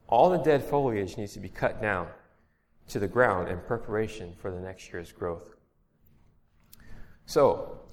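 A man giving a plain-spoken, relaxed sermon, explaining things step by step. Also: lowish voice. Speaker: preacher. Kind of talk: conversational sermon. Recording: long echo of a large hall.

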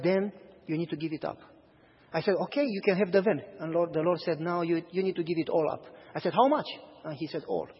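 In dull audio with a long hall reverb, a pastor whose voice is fairly high and husky preaches a story-filled sermon. He narrates with animation and acts out the characters' exchanges.

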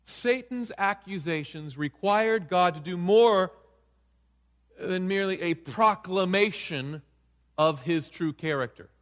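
A man's voice: sits high, slow pace. A man preaching a sermon in a dramatic style, questioning his listeners. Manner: dramatic, acts out voices in quotes, asks the audience questions. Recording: reverberant hall.

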